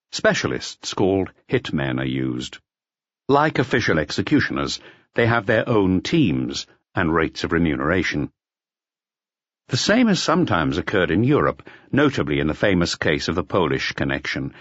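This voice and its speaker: A man reading a crime novel aloud in a measured, expressive storytelling manner. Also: low-pitched, dry recording. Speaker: audiobook narrator. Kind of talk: scripted narration. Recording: dull lo-fi audio, dry.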